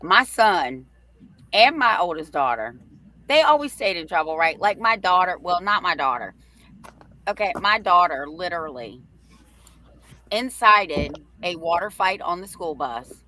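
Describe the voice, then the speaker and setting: Brash, bright-voiced storytelling woman. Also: fairly low pitch, unhurried, low-quality recording. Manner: brash, profane, animated storytelling. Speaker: host. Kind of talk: livestream storytelling.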